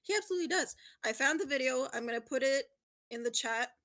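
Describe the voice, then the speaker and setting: A high-voiced woman hosting a trivia segment in a relaxed podcast chat. She giggles her way through the explanations and keeps the game moving. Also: fast. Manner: giggly, laughs often while explaining. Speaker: podcast co-host running a quiz. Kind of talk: casual chat.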